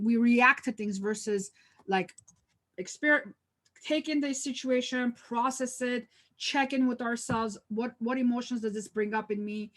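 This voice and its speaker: A woman's voice: a little high, fairly bright tone. Chatty woman giving a video-call workshop. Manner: conversational, many fillers and restarts, tells personal stories. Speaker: workshop presenter. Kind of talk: live webinar presentation.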